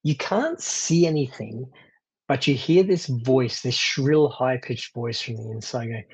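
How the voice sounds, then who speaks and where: A man's voice: medium pitch, lively intonation, a little slow, slightly rough. A man narrating as game master, chatty, laughing often and wandering off into digressions.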